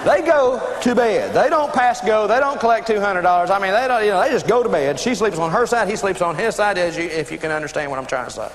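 Folksy, high-voiced preacher. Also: male voice, animated, quick pace, few pauses. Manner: folksy, laughing asides. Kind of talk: humorous sermon storytelling. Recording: echoey room with audience noise.

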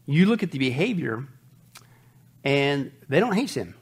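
A man's voice: mid-range voice, measured pace, slightly rough. A middle-aged male pastor preaching a sermon, asking the congregation rhetorical questions and joking between Bible readings. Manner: animated preaching, rhetorical call-and-response questions, jokes.

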